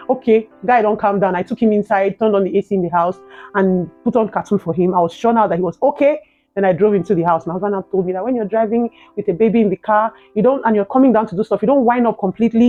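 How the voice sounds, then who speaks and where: In this vlog, a young woman speaking with a Nigerian accent recounts a personal experience with emotion and animation before ending on prayerful encouragement. Her pitch is medium, and the recording has its highs cut off.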